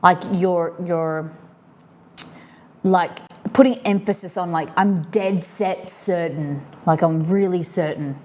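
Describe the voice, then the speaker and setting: Speaking slowly in a fairly low, slightly mellow voice with even intonation, an Australian woman livestreams. She rambles chattily, peppering her explanation of slang for viewers with lots of "like."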